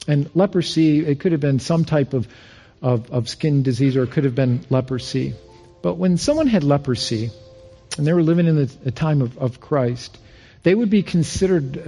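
A man's voice: on the high side, mellow. A male pastor preaching a sermon in an earnest, storytelling manner with repeated phrases.

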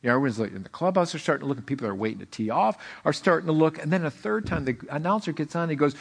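A man preaching a sermon in an animated way, often repeating words and acting out the people in his stories. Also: a little high, very fast, creaky, few pauses, breathy edge. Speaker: pastor.

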